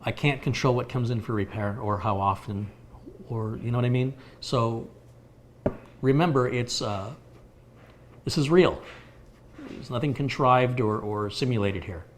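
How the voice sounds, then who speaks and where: A medium-pitched American man, a little slow and pausing often, hosts a live stream about computer repair. Answering viewers, he explains hardware through everyday analogies, with slight background noise audible.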